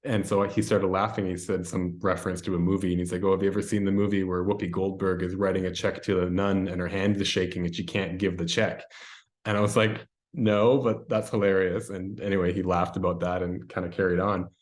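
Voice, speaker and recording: A man's voice: low-pitched, little pitch movement, quick pace. A man as an interview guest, recounting an experience in a rambling, casual way with many fillers. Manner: rambling, filler-heavy storytelling.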